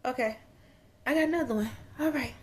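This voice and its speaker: A woman relays spirit messages to her viewers, exclaiming and repeating herself, now and then sinking into a whisper. Her voice sits a little higher than most women's. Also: a little fast, background noise. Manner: emotional, exclaims and repeats phrases, slips into whispers. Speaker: spiritual medium.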